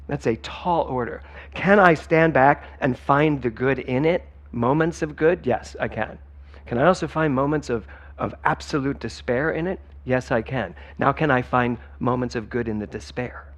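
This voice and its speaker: A man's voice: medium pitch, moderate pace. Emphatic man preaching a sermon. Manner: emphatic, conversational, addresses the congregation directly. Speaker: spiritual director. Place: church sanctuary.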